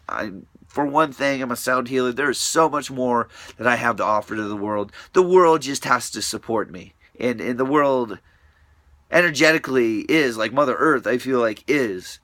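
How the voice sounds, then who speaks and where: A man's voice: mid-range voice, normal speed, pushed and bright, dry recording. A man talking to camera in a rambling, profane monologue, restless and often trailing off into mutters.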